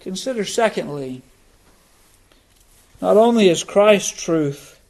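A middle-aged man preaching a sermon, slow and deliberate, letting key words drop low for emphasis. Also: darkish tone. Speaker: pastor.

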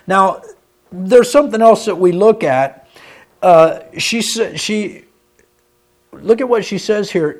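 A man's voice: sits high, a little slow. Man preaching a folksy sermon. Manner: folksy storytelling, with a wide dynamic swing from loud to hushed.

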